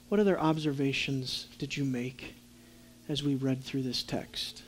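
A man preaching a sermon to a congregation, asking them questions and swinging between soft low asides and emphatic raised points. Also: fairly even intonation, a little slow, a little hiss or hum. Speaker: pastor. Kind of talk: sermon teaching.

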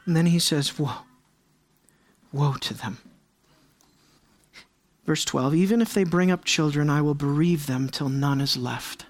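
A pastor preaching a sermon, firing rhetorical questions at the listeners and swinging from raised, high-pitched emphasis down to hushed, near-whispered lines. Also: fairly even intonation, moderate pace, few pauses. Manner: fires rhetorical questions at the congregation.

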